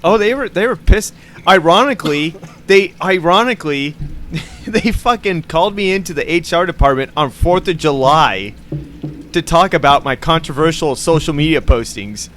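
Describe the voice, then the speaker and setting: A man with a bright, fairly high voice that swings widely in pitch, chatting casually on a podcast. He laughs often and swears freely as he tells stories. A faint hiss of noise sits under the recording. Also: lively intonation, normal speed. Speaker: podcast host. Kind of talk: casual chat.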